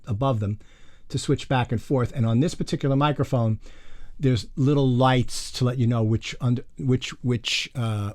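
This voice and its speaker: The studio condenser microphone moves around as a man explains microphones casually during an online music production class, showing off the gear while he talks. His voice is mid-range with a dark tone.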